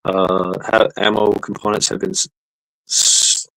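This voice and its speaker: A man's voice: fairly low pitch, flat delivery, measured pace, vocal fry, fairly bright tone, low-quality recording. A man hosting a casual live stream, rambling with many fillers and restarts and reading out viewers' comments. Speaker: livestream host. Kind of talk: casual livestream chat.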